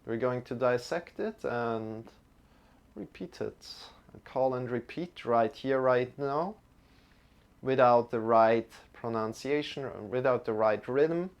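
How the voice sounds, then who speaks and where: A man teaching a yoga and mantra lesson in a gentle, encouraging way, often restarting his words. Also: mid-range voice, takes it slowly, gravelly, lo-fi sound.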